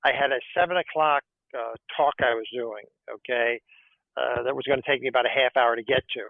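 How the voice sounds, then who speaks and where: A man's voice: medium pitch, steady tone, a little fast, vocal fry, no room sound. Tinny-sounding attorney man, rambling. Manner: rambling, peppered with "okay" and "you know". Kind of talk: conversational interview talk.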